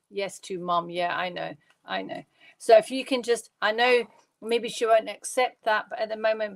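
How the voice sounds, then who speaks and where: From her home bedroom, a Scottish woman gives psychic readings live, chatting fast with rambling restarts. She has a mid-range voice, and there's no echo.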